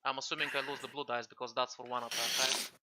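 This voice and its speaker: A man's voice: medium pitch, level tone, quick pace, heavy background noise. A man playing a tabletop game, chatting about the rules and describing what his character does. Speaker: player. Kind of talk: casual tabletop game play.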